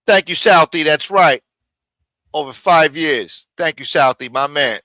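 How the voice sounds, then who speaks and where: Stream host, male, profane and mocking, forceful dry delivery. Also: fairly high pitch, unhurried, no room sound. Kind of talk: live stream reaction commentary. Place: home studio.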